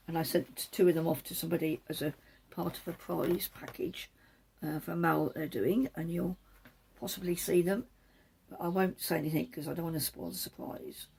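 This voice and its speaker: Gravelly woman podcaster. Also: sits low, fairly even intonation, moderate pace, long pauses, darkish tone. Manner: rambling, self-deprecating, digresses. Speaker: knitting podcast host. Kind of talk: casual chatty podcast monologue. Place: back room at home, patio door open.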